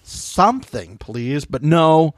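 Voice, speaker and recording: A man's voice: on the high side, sing-song, slow pace, dry recording. A man co-hosting a podcast, chatting casually and mockingly about a reality show, swearing freely. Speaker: podcast co-host.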